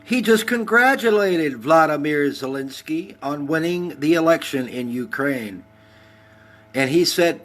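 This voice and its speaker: A man's voice: a little high, measured pace, a bit bright. A man in his forties from Texas, hosting a heated, profane rant on his live stream. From El Paso, Texas. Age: 40s. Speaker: livestream host.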